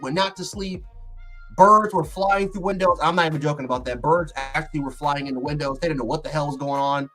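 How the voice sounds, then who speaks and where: A man hosting a casual livestream, talking in an excitable, rambling way with lots of fillers and restarts. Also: fairly high pitch. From Buffalo, New York. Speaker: sports channel host.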